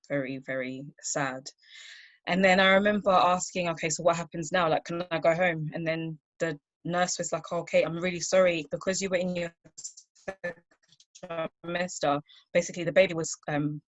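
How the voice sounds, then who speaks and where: Low-voiced woman telling a painful story. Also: no room sound. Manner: soft, halting, full of fillers and restarts. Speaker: workshop speaker sharing her story. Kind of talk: personal testimony on a video call. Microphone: video call.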